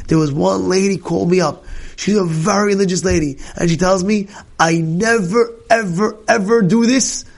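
A man teaching a Torah class to students in the room, telling stories with passion, sprinkling in Hebrew and Yiddish terms, and breaking into shouts at the peaks. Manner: animated, bursts into shouting at the high points. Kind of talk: impassioned storytelling lesson. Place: live class with students present.

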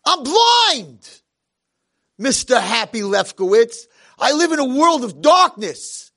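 A man's voice: very high voice, big pitch swings, takes it slowly, vocal fry, fairly bright tone, voice pushed up, full character voice. A man voicing a miserable, cranky blind old man who screams at his roommate. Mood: bitter. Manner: screaming, bitter.

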